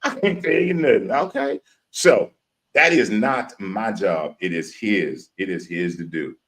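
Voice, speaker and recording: Man, from Louisiana, live stream host, somewhat low voice, folksy country talk. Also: big pitch swings. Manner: hyped chanting intro, drawn-out shouting. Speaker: podcast host.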